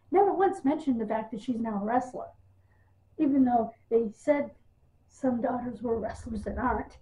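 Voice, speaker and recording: A woman's voice: on the high side, unhurried, pauses often, mellow. A woman giving a casual, exasperated wrestling news rant, sarcastic and full of ums. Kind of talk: casual ranting monologue. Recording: tinny phone-like audio.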